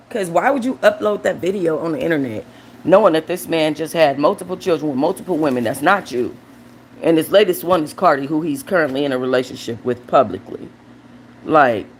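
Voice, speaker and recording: A woman's voice: on the low side, slight background noise. Heated, profane young woman ranting. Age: young adult. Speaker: host. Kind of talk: casual gossip commentary.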